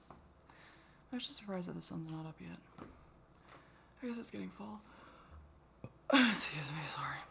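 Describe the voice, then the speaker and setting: A tired man rambling in a personal vlog, swearing a lot and drifting between normal talk and low mutters. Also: lively intonation, measured pace, vocal fry, long pauses, background noise. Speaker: vlogger.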